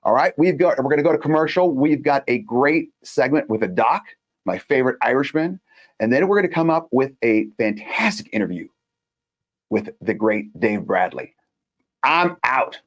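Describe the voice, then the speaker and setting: A man's voice: medium pitch, animated, fairly quick, dull audio. A man hosting his own show, telling a story in a blunt, casual monologue and acting out the quotes. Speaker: show host.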